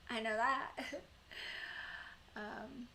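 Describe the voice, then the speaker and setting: A woman's voice: a little high, steady tone, drawn-out words, background noise. A young woman chatting casually with viewers on her live stream, rambling with lots of fillers.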